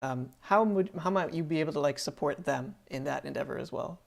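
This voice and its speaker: Gravelly-voiced podcast co-host, rambling. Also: medium pitch, fairly quick. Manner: rambling, many fillers and restarts. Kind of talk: casual podcast chat.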